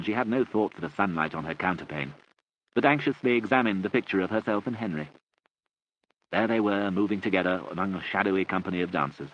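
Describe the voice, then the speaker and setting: A man reading a novel aloud in a measured, expressive storytelling manner. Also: deep voice. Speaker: audiobook narrator. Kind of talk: scripted narration. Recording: muffled recording with faint hiss.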